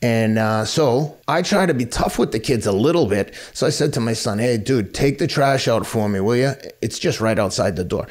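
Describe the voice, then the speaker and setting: A man's voice: mid-range voice, animated, moderate pace, few pauses. A man in his fifties, a podcast guest, talking candidly and bluntly and swearing freely. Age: 50s. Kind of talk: casual interview talk.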